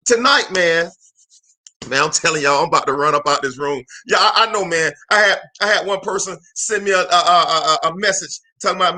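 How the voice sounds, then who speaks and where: High-voiced, bright, energetic motivational man. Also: fairly quick. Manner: energetic, emphatic, preacher-like call-and-response, repeats phrases. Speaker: motivational speaker and show host. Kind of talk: live-streamed motivational talk. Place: room, alone.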